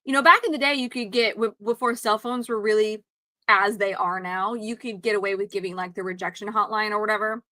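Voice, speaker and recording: A woman's voice: medium pitch, steady tone, fairly quick, sharp tone, no room sound. A woman co-hosting a casual chat show, talking in an emphatic, outspoken way and swearing freely. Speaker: podcast co-host.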